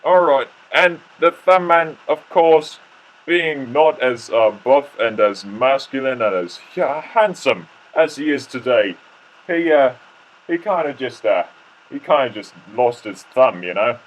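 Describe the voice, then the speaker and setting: A man's voice: medium pitch, expressive, a little slow. A man telling a comic mock-documentary story, rambling, jokey and full of restarts.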